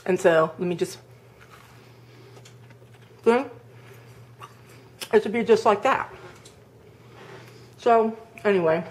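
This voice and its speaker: A woman's voice: mid-range voice, takes it slowly, long pauses, a little mellow. Chatty woman rambling through a cooking vlog. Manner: demonstrates with hands while talking. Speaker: home cooking vlogger. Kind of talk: casual cooking vlog chat.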